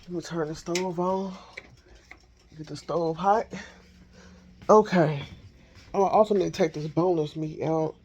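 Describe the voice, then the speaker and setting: Guy talking to his phone in the kitchen, high-ish voice, rambling on as he cooks. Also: steady tone, unhurried, pauses often. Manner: rambling, thinking out loud. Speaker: vlogger. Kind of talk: casual chat while cooking. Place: home kitchen. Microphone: handheld phone.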